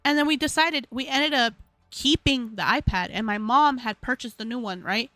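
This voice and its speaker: A young woman hosting a live stream, telling a story in a slangy, animated way and laughing often. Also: on the high side, normal speed, no room sound, faint music behind. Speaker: livestream host.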